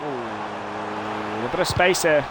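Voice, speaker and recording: A man streaming a football video game live, calling the action like a broadcaster and bursting into shouts of excitement at the goals. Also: on the low side, slow, noisy background. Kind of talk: live gameplay commentary in broadcaster style.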